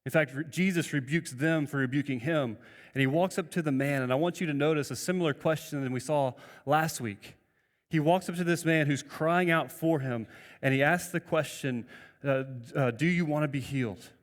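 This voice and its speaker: A man's voice: fairly high pitch, moderate pace, in a large hall. A man preaching a sermon earnestly, with frequent restarts and rhetorical questions to the congregation. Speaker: pastor.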